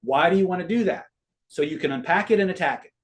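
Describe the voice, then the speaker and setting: A man's voice: high voice, fast. A middle-aged man teaching a live online master class in a casual way, swearing freely and quizzing his audience.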